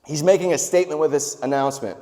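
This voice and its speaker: In a church hall with a big-room sound, a man with a fairly high voice preaches fast as pastor. He tells animated personal stories in a relaxed, conversational way, slipping in asides.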